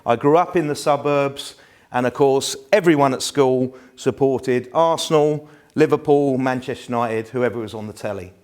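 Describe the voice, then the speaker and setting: A man's voice: mid-range voice, moderate pace, a little mellow. A man in his fifties with a South East London accent, giving a chatty, anecdote-filled live lecture to a room. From England. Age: 50s. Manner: chatty, anecdotal, self-deprecating.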